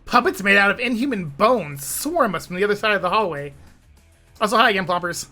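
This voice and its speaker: A woman's voice: medium pitch, animated, fairly quick, pushed and bright, soft background music. Giggly woman narrating a stream read-along. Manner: giggly, playful, chatty. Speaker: streamer reading a visual novel.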